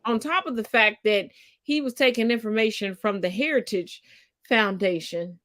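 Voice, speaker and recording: A woman co-host ranting in casual podcast chat, blunt and full of profanity. Her voice sits a touch high for a woman. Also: moderate pace, fairly bright tone, no echo, clean studio sound.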